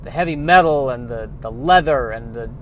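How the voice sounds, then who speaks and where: A man's voice: mid-range voice, moderate pace, a bit bright, slight background noise. A man riffing in a meandering, wry comic monologue while driving. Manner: meandering, self-interrupting, wry. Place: inside a car while driving.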